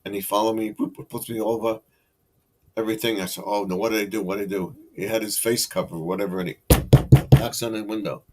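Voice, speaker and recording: A man's voice: on the low side, fairly even intonation, fast, a little mellow. Easygoing man swapping stories. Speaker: stream co-host. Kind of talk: casual storytelling chat.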